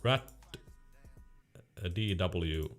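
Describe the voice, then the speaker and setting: Brief: young man, deep voice, relaxed livestream chatter with soft music underneath. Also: drawn-out words. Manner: laid-back, laughs often, trails off and restarts. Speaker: streamer. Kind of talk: casual livestream chat, reading out chat questions.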